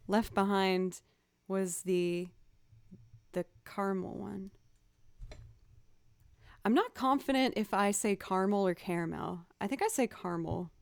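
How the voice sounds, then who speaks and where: A woman's voice: medium pitch, no echo. Chatty woman streamer, dry sound. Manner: chatty, rambling, drifts into tangents. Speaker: musician live streamer. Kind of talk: casual chat with stream viewers.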